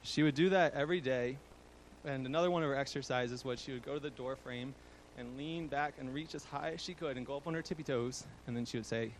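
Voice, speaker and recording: A man's voice: mid-range voice, steady tone, fast, a little hiss or hum, rough recording. A young man giving a fond eulogy for his grandmother, chuckling often and using fillers. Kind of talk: eulogy speech.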